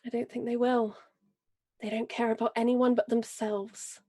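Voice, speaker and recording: A woman voicing a proud, vengeful noble lady and mother, speaking in a grave, measured and forceful way during a tabletop role-play. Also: on the high side, little pitch movement, lightly acted. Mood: fierce, earnest. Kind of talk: in-character role-play speech.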